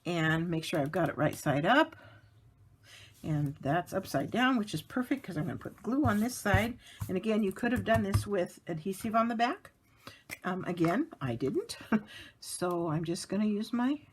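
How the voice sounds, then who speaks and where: Chatty woman demonstrating crafts, lively pitch. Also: measured pace, pauses often, a little hiss or hum. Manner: chatty, narrates each step, frequent little laughs. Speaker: card-making demonstrator. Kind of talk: casual craft tutorial narration.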